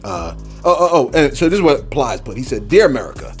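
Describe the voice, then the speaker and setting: A man's voice: medium pitch, big pitch swings, a little fast, faint music behind. A man hosting a casual commentary channel, talking in a loose, slangy, joking way.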